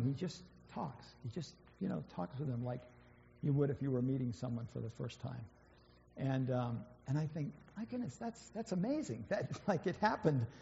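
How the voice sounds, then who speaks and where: A man's voice: mid-range voice, vocal fry, a little mellow, slight background noise. A man giving an informal sermon, speaking conversationally with many fillers and restarts. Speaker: church speaker. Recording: dull, echoey church hall.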